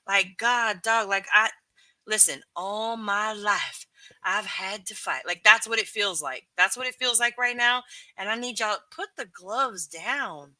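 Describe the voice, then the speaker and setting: A woman's voice: medium pitch, measured pace, pushed and bright, no room sound. A woman hosting a live stream, reading chat and giving her candid, emphatic opinions with casual swearing.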